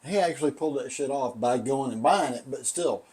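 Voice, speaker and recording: A man with a Southern accent and a husky, slightly mellow mid-range voice co-hosts a podcast's casual tasting chat. Speaking fairly quickly, he tells rambling stories and laughs often.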